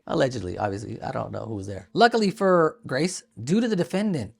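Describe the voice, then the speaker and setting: Animated woman doing sarcastic commentary. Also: rumbling low, fast talker, creaky, few pauses, breathy edge. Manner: sarcastic asides, jokes while reading aloud. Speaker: online commentator. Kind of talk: casual commentary on a court document.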